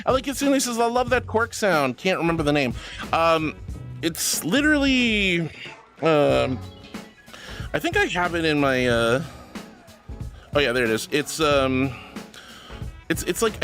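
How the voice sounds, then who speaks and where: Male streamer, high and very lively pitch, affectionate toward viewers. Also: a little slow, pauses often, soft background music. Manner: affectionate, calls viewers sweetie and honey. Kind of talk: live stream chat reading.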